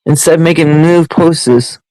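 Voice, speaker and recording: A man's voice: fairly high pitch, takes it slowly, a little mellow, no echo, rough recording. A man streamer ranting heatedly on his livestream, repeating himself and restarting sentences.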